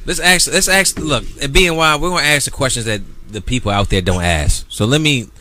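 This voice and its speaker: A man's voice: medium pitch, a little fast, pushed and bright, a little hiss or hum. A man hosting a casual podcast chat, talking in a loose, laid-back way with many fillers. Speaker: podcast host.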